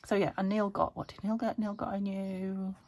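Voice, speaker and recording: Gravelly-voiced British woman chatting while crafting. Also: medium pitch, flat delivery, moderate pace, a little mellow, no room sound. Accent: British English. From United Kingdom. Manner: rambling, chatty, drifts into murmurs while working. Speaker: junk journal crafter.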